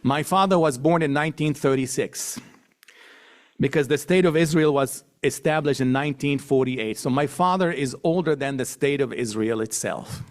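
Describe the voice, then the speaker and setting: A middle-aged man giving a public talk to an audience, emphatic, building points through repetition and lists, slowing down to stress key words. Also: medium pitch. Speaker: guest speaker.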